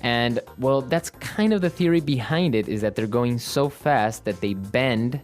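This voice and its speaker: A man co-hosting an English lesson, explaining words clearly and slowly like a teacher. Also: mid-range voice, faint music behind. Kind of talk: language lesson chat.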